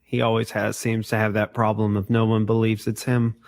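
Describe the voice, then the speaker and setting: A man's voice: lowish voice, completely flat delivery, a little fast, creaky, darkish tone, a little hiss or hum. A man hosting a podcast, asking playful, teasing questions in casual conversation. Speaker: podcast host.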